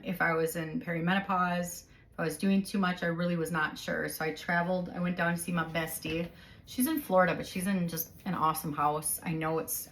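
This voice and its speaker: A woman in her forties talks with her husband in a relaxed, explanatory way, slightly low in pitch. She keeps things lively with quick everyday scenarios to make her point. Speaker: host interviewing her husband. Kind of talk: casual explanatory conversation.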